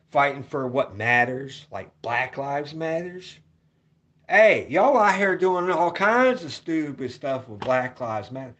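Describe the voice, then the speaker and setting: Brief: male vlogger, voice sits a bit high, profane home rant that keeps repeating itself and jumps between loud and quiet. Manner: ranting, repetitive, profane, swings between loud and muttered. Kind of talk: rambling opinion rant.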